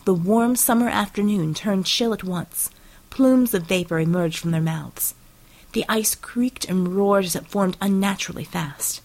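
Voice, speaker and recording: A woman narrates an action audiobook with steady, dramatic pacing. Her low voice carries a gravelly rasp and a husky, breathy grain. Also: low-quality recording.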